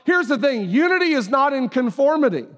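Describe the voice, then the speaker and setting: A man's voice: extremely high pitch, sing-song, a little fast, a bit bright. A man preaching a sermon as pastor, talking conversationally, acting out quoted voices. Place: church auditorium. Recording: live hall with long reverb.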